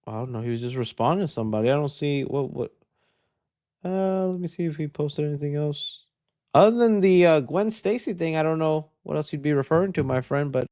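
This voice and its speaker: A young man hosting a live stream, reading viewer questions out loud and answering them in a chatty, upbeat way. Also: mid-range voice, clean tone. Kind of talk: casual live-stream chat.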